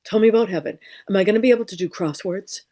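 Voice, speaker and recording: A woman's voice: medium pitch, very fast, dark tone, natural voice. Curious little boy, as a woman puts him on. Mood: eager. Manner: eager, questioning. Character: advanced, curious six-year-old boy.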